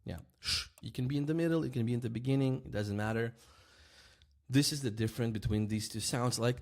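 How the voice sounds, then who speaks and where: In an easygoing language lesson, a man with a gravelly, mid-range voice repeats sample words slowly. He keeps checking in with listeners by asking "right?"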